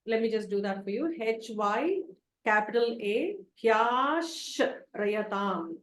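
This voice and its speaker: A woman leading an online chanting class, chanting verses slowly syllable by syllable for students to repeat and explaining them in a calm teaching manner. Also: on the high side, reverberant, slight background noise. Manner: slow, deliberate syllable-by-syllable chanting for repetition. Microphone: video call.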